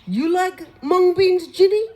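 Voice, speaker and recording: A woman's voice: very high-pitched, takes it slowly, voice pushed up. A woman doing a brash New York man. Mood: hearty. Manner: loud, hearty street greetings.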